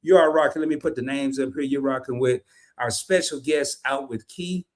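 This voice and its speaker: A man hosting a casual interview show, an animated, folksy storyteller who jokes with his guest. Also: medium pitch, normal speed. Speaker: podcast host.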